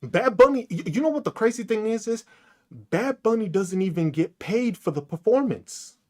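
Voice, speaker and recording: A man's voice: sits high, lively intonation, moderate pace, a little mellow. A man hosting a podcast, ranting in a casual, profane, mocking way with lots of rhetorical questions. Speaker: podcast host.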